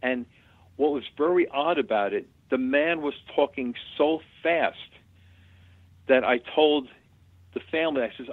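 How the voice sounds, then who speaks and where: A man's voice: mid-range voice, measured pace, pauses often, dry recording. A man who works as a medium, a guest telling chatty, plain-spoken anecdotes in an interview. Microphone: phone call. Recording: tinny dry phone line.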